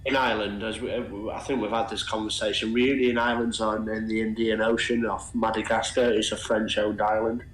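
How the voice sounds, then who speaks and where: A man's voice: lowish voice, level tone, moderate pace, few pauses, roomy sound. A man bantering among flight sim friends, teasing and matter-of-fact. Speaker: flight sim group member. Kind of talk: casual banter.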